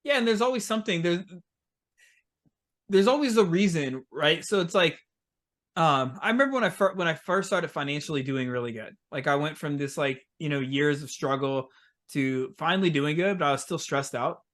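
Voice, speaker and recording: A man talking as a podcast guest in a relaxed, rambling way, with lots of "like" and "um". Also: a little high, moderate pace. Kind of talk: casual interview chat.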